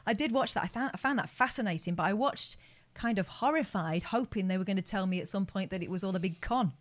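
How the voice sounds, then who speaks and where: A woman's voice: medium pitch, fast. A woman co-hosting a radio show, chatting casually and laughing easily.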